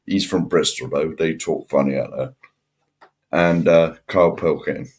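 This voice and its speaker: A man's voice: very deep voice, steady tone, measured pace. A man, co-hosting a podcast in casual chat, emphatic and jokey with lots of "yeah". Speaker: podcast co-host.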